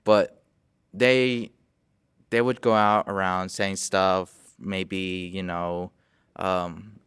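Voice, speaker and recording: A man's voice: sits low, level tone, drawn-out words, a bit bright, smooth, no echo. A young man hosting a casual podcast interview, rambling and stopping to correct himself with apologetic asides. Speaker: podcast host.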